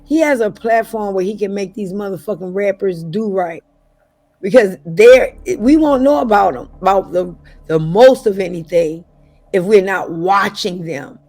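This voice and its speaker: A woman's voice: medium pitch, a little mellow. A middle-aged woman as an interview guest, talking bluntly and profanely, with mocking impressions of other people. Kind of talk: casual interview talk.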